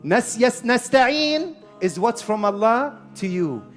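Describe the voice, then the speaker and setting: Animated high-voiced male preacher. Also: slow pace, faint music behind. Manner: animated, mixes Arabic phrases into English. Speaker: Islamic preacher. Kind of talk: lively sermon to a live audience. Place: hall with a sound system and echo.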